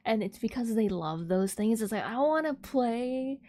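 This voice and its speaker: A woman's voice: fairly high pitch, lively intonation, moderate pace, hardly any pauses, dark tone. A woman livestreaming, chatting casually with her viewers in a rambling, giggly way, laughing often.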